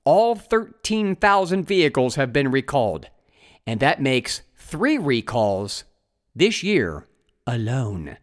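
Lively, enthusiastic male commentator. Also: mid-range voice, takes it slowly. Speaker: political commentator. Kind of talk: casual commentary.

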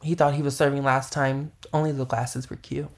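A man's voice: medium pitch, flat delivery, moderate pace, creaky, crowd noise. A young man co-hosting a casual podcast, gossiping in a sassy, camp, slangy way into a laptop mic. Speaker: podcast co-host. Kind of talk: casual chat. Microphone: laptop built-in mic.

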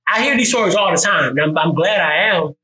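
Man from the US South, bright voice, animated casual storyteller, faint background noise. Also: high-pitched, quick pace, low-quality recording. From US South, Georgia. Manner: animated storytelling with repeated restarts; profane, conversational. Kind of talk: casual podcast conversation.

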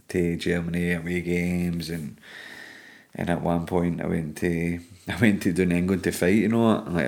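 A man's voice: low-pitched, darkish tone. A Scottish man, an MMA fighter guesting on a podcast, chatting casually, swearing freely and laughing through his stories.

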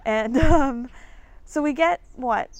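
A woman in her thirties, a podcast host telling a story in an animated, chatty way. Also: high voice, slow pace. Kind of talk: casual storytelling chat.

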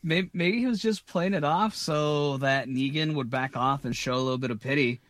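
A man co-hosting a podcast in casual chat, relaxed and agreeable. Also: on the high side, moderate pace, no room sound. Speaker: podcast co-host.

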